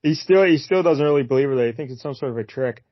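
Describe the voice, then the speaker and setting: A man co-hosting a podcast, retelling a comic in a relaxed, joking way. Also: mid-range voice, dry recording. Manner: relaxed, joking, quick to laugh. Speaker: podcast co-host. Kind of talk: casual chat retelling a comic. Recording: dull, dry, lo-fi.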